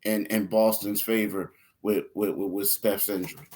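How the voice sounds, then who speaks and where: This sports podcast co-host speaks in a fairly low, level voice at a moderate pace, with a slightly mellow quality. He chats casually and loosely, repeating words and laughing now and then.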